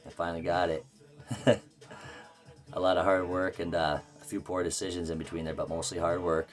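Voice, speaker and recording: A man with a very low voice talks straight to his viewers in a rambling, profane way. He tells his story bluntly and casually, with faint music playing underneath. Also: little pitch movement, fairly quick. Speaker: vlogger.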